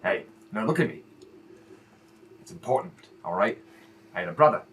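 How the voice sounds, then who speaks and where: A man's voice: sits high, very animated, quick pace, a bit bright, slight background noise, pitched above the performer's own voice. An awkward, kindly stepfather tries his best with his grown stepson, as a man plays him. He stumbles through restarts and speaks with earnest, fatherly care.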